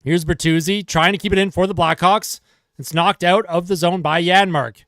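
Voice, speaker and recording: A man doing live play-by-play as a fan of his team, calling the action quickly and growing exasperated and sarcastic at their mistakes. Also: sits high, fairly even intonation, fairly bright tone, no echo, studio quality.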